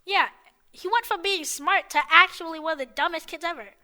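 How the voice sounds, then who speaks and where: Very high-pitched exasperated female storyteller. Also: fairly quick, bright, forceful tone. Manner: exasperated, mocking, chatty. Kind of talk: animated story narration.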